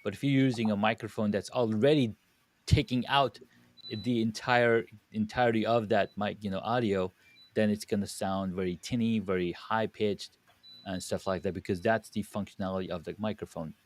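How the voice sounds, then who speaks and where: A man with a deep voice, a guest on a podcast, explaining studio audio step by step and pausing to find his words. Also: steady tone. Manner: explanatory, with restarts and searching for words. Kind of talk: podcast conversation.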